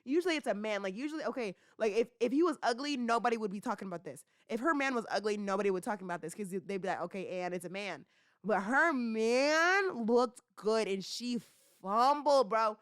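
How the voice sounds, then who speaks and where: A young woman hosting a casual commentary podcast, talking in slangy, animated bursts full of rhetorical questions and teasing. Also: on the high side, a little fast, dry recording, studio quality. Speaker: podcast host.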